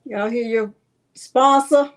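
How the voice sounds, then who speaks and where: A woman's voice: a little high, fairly even intonation, slow, a little hiss or hum. A middle-aged woman hosting a crafting livestream, chatting casually and playfully as she calls out viewers by name. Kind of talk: casual live-stream chat.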